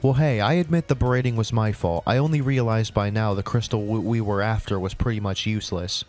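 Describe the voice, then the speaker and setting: He reads his own old story in a lowish voice, a little fast, taking on each character in turn. The flat delivery is repeatedly broken by sarcastic, cringing commentary played for comedy.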